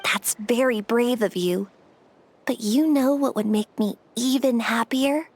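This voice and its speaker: A woman voicing a gentle young woman warrior haunted by fear, in earnest, soft-spoken game dialogue. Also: fairly high pitch, unhurried, slightly rough. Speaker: game character. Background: faint game music.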